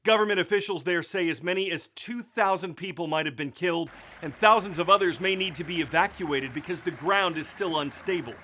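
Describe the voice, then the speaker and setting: A man hosting a news show, reading scripted narration in a crisp, measured delivery. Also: high voice, bright, forceful tone.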